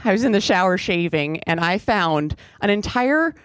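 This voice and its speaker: A young woman with a low voice performing a stand-up comedy set on a club stage with a handheld mic, dry and self-deprecating. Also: animated, normal speed, clean tone. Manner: dry, self-deprecating delivery with sudden high-pitched voiced asides.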